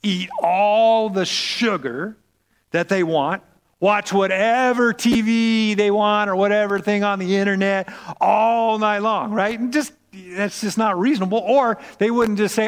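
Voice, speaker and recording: Man, pastor, sermon, animated, repetitive, long hall reverb. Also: high voice, measured pace. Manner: animated, repeats words, asks "right?" often.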